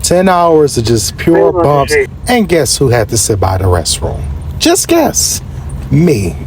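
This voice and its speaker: A man casually narrating his own travel vlog, slangy and animated, his voice jumping up in surprise. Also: measured pace, noisy background. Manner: animated, slangy storyteller with big pitch jumps. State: short of breath at altitude. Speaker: travel vlogger.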